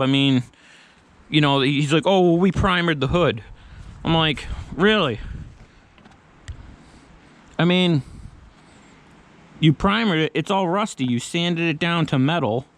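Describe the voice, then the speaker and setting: A man's voice: fairly high pitch, fairly bright tone. Blunt, cursing man telling a story. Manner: blunt, profane, retells arguments with quoted dialogue. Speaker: truck build vlogger. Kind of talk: casual storytelling rant. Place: garage or shop.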